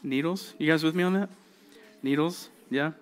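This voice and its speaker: A young man preaching to junior high kids as youth pastor, telling a childhood story in a casual, conversational way and often checking in with his listeners. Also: normal speed.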